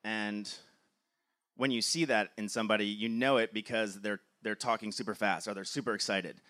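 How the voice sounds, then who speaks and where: A man's voice: on the low side, fairly even intonation, normal speed, bright, forceful tone. A man, a film producer, giving an enthusiastic motivational talk, filling his sentences with "like". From Cleveland, USA. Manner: enthusiastic, frequent filler "like".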